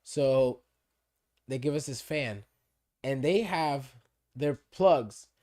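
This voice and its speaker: Speaking slowly in a mellow, medium-pitched voice, a podcast co-host tells a story in casual chat. He's loose about it, swearing freely and acting out the quoted dialogue of who said what.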